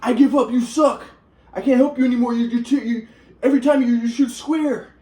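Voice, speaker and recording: A man's voice: very high voice, fairly even intonation, brisk, warm tone, pitched above the performer's own voice. A man mimicking a scoffing, short-tempered dad. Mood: exasperated. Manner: scoffing and sarcastic. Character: mocking, short-tempered middle-aged father.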